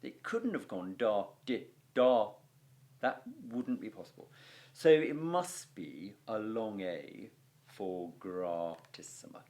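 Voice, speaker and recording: Man, Latin teacher, video lesson, animated pitch, chatty and enthusiastic, playful asides. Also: slow pace. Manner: lively, chatty teaching with fillers and sound effects. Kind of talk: video lesson explaining verse scansion.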